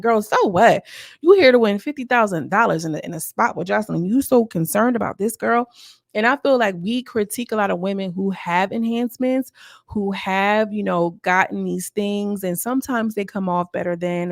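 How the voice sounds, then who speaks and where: A chatty woman reviewing reality TV in a sassy, gossipy way, speaking right to her audience. Her voice has a gravelly fry at the edges. The sound is dry and close, with no room around it. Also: mid-range voice, dry recording. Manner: chatty and sassy, talks straight to viewers. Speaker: YouTuber reviewing a reality show. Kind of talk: casual gossipy commentary.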